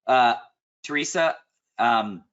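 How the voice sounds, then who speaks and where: A man coaches a client in a loose, one-on-one session, with a bright, forceful edge to his voice. He talks bluntly and with plenty of animation, and he keeps clearing his throat. The recording sounds muffled and lo-fi. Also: medium pitch, slow pace. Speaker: business coach.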